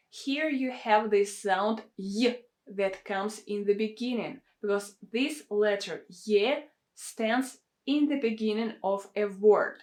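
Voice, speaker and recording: Slow, careful woman teaching pronunciation. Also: medium pitch. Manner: repeats example words slowly and carefully. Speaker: language teacher. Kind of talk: pronunciation lesson.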